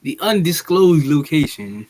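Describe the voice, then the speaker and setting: A man's voice: fairly high pitch, unhurried, a little mellow, dry recording. A man co-hosting a wrestling podcast, joking and self-deprecating in casual banter. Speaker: podcast co-host.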